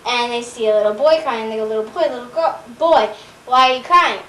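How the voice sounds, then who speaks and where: Brief: high-pitched woman, halting storyteller, recorded distant in a roomy space with faint noise. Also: pushed and bright. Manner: rambling, halting joke telling with many fillers. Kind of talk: casual joke telling.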